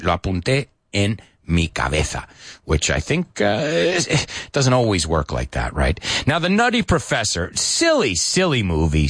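Animated male English teacher, dry sound. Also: no room sound. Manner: animated, swings pitch high for quotes and emphasis; repeats words and asks "right?". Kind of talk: bilingual English lesson, teaching Spanish speakers.

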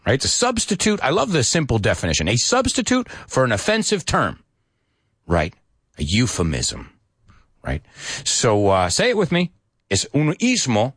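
A man's voice: normal speed, husky, no room sound, clean studio sound. A man teaching English to Spanish speakers, repeating key words and checking in with "right?" after each point. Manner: animated, swings pitch high for quotes and emphasis.

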